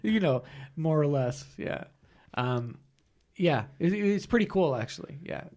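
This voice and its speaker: A young man co-hosting a casual podcast chat, talking in halting bursts and laughing often. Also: a little high, expressive, a little mellow. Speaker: podcast co-host.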